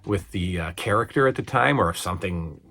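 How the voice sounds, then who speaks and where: Man in his forties, slightly low voice, chatty, rambling, fillers and restarts, casual wrestling review. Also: animated, a little fast, sharp tone. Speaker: podcast host reviewing old wrestling shows.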